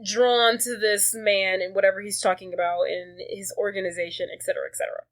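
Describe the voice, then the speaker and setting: A woman's voice: medium pitch, steady tone, brisk. A woman co-hosting a podcast, retelling a movie plot in casual chat and swearing freely. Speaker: podcast co-host.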